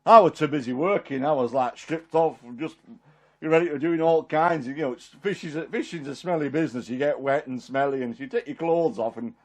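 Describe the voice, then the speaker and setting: A man plays Peter, a homely, warm-hearted fisherman, telling his story in a rambling, chuckling way. The voice sits a little high for a man and stays unpolished and everyday. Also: fairly quick, lightly acted. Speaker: performer in a one-man Bible drama. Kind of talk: dramatic character monologue.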